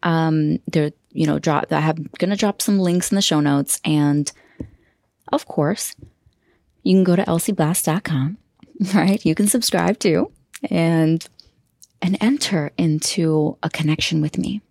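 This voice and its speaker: Gravelly-voiced woman hosting a podcast. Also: low-pitched, measured pace, dry recording, studio quality. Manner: warm, effusive, emotional, laughs often. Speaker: podcast host and self-love coach. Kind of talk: heartfelt podcast monologue.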